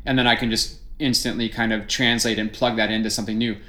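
A man's voice: on the low side, flat delivery, quick pace, pushed and bright. Middle-aged male juggler, thoughtful talker, echoey room. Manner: reflective, explains ideas at length. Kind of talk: casual conversation. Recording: roomy echo.

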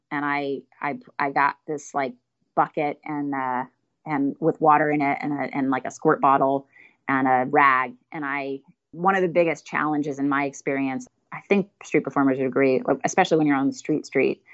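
Low-voiced woman, chatty storyteller. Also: highs cut off. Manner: chatty, laughs often, self-deprecating. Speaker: street performer guest. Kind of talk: casual interview storytelling.

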